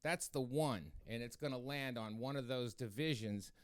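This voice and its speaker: Hosting his own drum practice stream, a man rambles casually to viewers, full of fillers and restarts. His mid-range voice is smooth at a normal speed, recorded with studio quality and no room sound.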